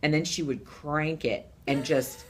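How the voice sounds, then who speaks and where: A middle-aged woman puppeteer telling stories in a casual interview, animated and laughing, acting out voices. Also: sits low, unhurried, slightly rough. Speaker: puppeteer guest.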